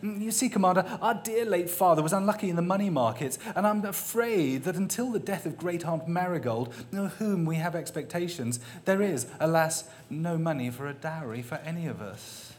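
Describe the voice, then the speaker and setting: A man's voice: fairly high pitch, moderate pace, few pauses, close to an everyday voice. A man voicing a nervous, genteel young lady who speaks carefully and apologetically. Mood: apologetic.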